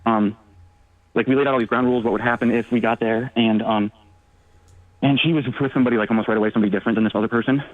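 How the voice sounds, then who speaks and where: A man's voice: mid-range voice, fairly even intonation, no room sound. Hesitant male caller on a tinny phone. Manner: hesitant, halting, many ums.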